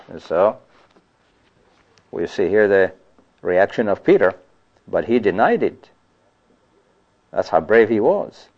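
A man's voice: fairly low pitch, sing-song, slow, pauses often, a little mellow, dull audio. A man giving a conversational sermon on scripture, often adding "you see" and "you know". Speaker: preacher.

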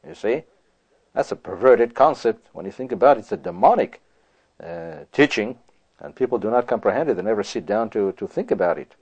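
A man preaching a sermon, asking rhetorical questions and reading scripture slowly and deliberately. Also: lowish voice, expressive, darkish tone, husky.

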